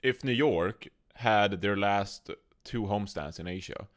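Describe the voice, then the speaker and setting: A man's voice: fairly low pitch, a little slow. A man co-hosting an esports podcast, laid-back and matter-of-fact. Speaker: podcast co-host. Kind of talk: casual esports chat.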